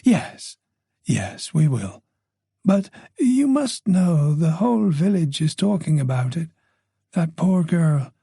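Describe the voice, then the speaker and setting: Casting: a playful, gossipy older woman with a faint Dublin lilt, read by a man, gravelly and husky. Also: fairly high pitch, sing-song, takes it slowly, warm tone, no echo, studio quality, voice pushed up, exaggerated voice. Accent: faint Dublin Irish. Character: chatty older Dublin-born village woman.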